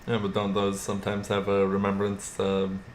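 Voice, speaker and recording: A man's voice: lowish voice, monotone, moderate pace. A man co-hosting a podcast in casual chat, laid-back and giving brief replies. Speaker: podcast co-host.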